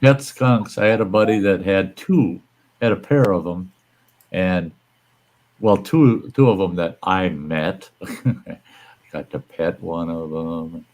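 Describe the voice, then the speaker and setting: A man's voice: low voice, slow, darkish tone, rough recording. A man hosting a live stream, chatting casually and telling rambling, folksy stories with some mild cursing. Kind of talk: casual chat.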